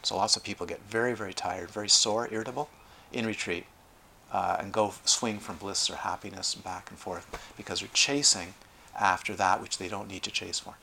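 A middle-aged man teaching meditation at a retreat, talking in an animated way with playful asides. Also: low-pitched, brisk, gravelly, a little hiss or hum. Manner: animated, acts out quoted voices, lively asides. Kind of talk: dharma talk at a retreat.

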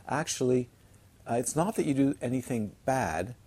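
A man's voice: mid-range voice, lively intonation, moderate pace, darkish tone, slightly rough. A man teaching as a Buddhist teacher during a retreat, chatty and checking in with his listeners as he tells funny stories. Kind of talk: Dharma talk on a retreat. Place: retreat centre.

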